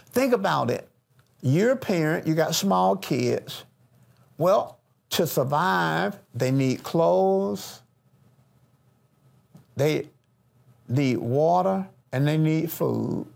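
Middle aged preacher guy, slow deliberate sermon, high pitched and a bit gravelly. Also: expressive. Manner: preacherly, repeats phrases for emphasis, shifts tone for quoted voices. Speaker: pastor.

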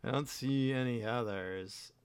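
A man's voice: medium pitch, a little slow, clean tone. A man co-hosting a casual podcast, reading old newspaper ads aloud and joking about them. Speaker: podcast co-host. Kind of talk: casual chat.

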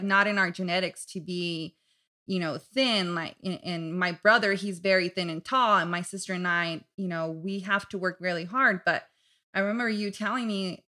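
Bright reassuring woman podcast host. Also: fairly low pitch. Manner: reassuring, conversational. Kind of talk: casual podcast interview.

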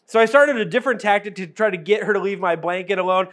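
A man's voice: sits high, fast, fairly bright tone. A man as pastor preaching a sermon, telling a funny family story in a conversational way and repeating phrases for emphasis.

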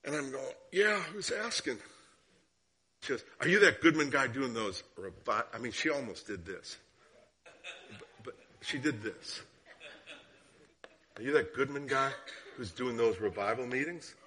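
Man preaching, bright clear voice, storytelling, rhetorical questions, hushed then rising. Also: medium pitch, lively intonation, normal speed, long pauses. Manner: drops to hushed tones for story, rises for questions. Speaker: guest preacher. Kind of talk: sermon.

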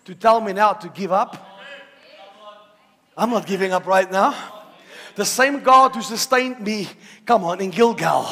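A male preacher with a very high, bright, forceful voice delivers a sermon in a church hall. He swings from loud shouts to hushed, intense passages and repeats words for emphasis. His voice rings with a long reverb from the hall. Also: measured pace, pauses often.

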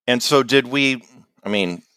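A man's voice: mid-range voice, a little slow, bright, forceful tone, smooth, no echo. A man co-hosting a comedy podcast with a meandering, self-deprecating, dry manner in casual banter. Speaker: podcast co-host.

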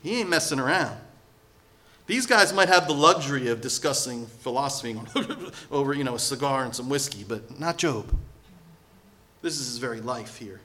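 A male pastor delivering a sermon, lively and sarcastic, acting out the people he quotes. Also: mid-range voice. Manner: animated, sarcastic asides, acts out quoted voices.

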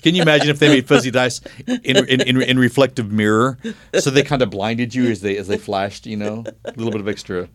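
A man's voice: medium pitch, a little fast, a bit bright, no room sound. A man co-hosting a casual talk show, easygoing and chuckling. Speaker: co-host. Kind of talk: casual radio show banter.

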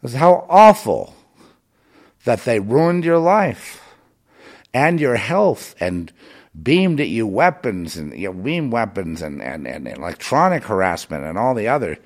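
A man delivering a rambling monologue straight to the listener, with many restarts, swinging between muttering and loud ranting. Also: fairly low pitch, sing-song, unhurried. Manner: many restarts and repeated words.

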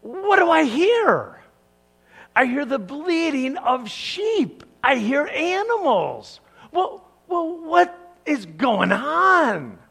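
A man voicing a self-assured, cheerfully defiant king in a loud, boastful, rushed way. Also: very high voice, sing-song, creaky, pitched above the performer's own voice, full character voice. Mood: mock-surprised.

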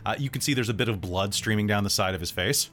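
A man's voice: fairly low pitch, quick pace, faint music behind. Man running a tabletop game. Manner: relaxed, rambling narration with many fillers. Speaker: game master.

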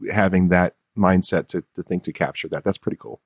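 A man's voice: low voice, fairly even intonation, fairly quick, slightly rough, dry recording, studio quality. A man co-hosting a podcast, talking in a reflective way and often stopping to restart his sentences. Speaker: podcast co-host. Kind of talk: casual discussion.

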